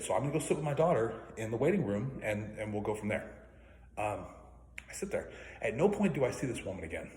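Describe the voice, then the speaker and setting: A man, ranting in an indignant, profane monologue and clearing his throat often. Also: mid-range voice, very animated, fast talker. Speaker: vlogger. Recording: echoey room with faint noise.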